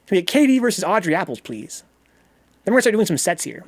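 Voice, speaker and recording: This man's voice sits high and swings widely in pitch as he talks fast with no room sound. He's hosting a relaxed game stream, rambling, reading chat aloud, and casually swearing while game music plays underneath.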